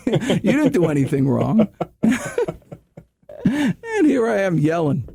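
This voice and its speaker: A man hosting a sales radio show, talking high and swinging his pitch all over. His voice is mellow and warm even when he gets loud and preachy. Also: moderate pace, long pauses. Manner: animated, preachy, laughs at himself. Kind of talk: sales talk radio monologue.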